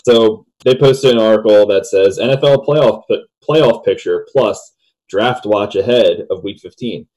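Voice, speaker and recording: Man, lowish voice, casual sports chat, easygoing, agreeable, stumbling restarts. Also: unhurried, mellow, low-quality recording. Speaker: sports talk show co-host.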